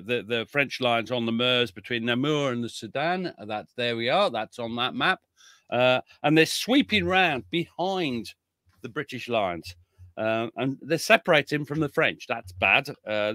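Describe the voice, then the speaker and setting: Male military historian, guest spot: bright, forceful voice, dry close sound, loose chatty delivery full of restarts and blunt asides. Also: medium pitch, no echo. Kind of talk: casual conversational interview.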